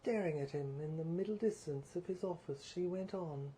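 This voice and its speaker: A woman reading a first-person story aloud, measured and deliberate. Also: low-pitched, mellow, a little hiss or hum. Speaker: story reader.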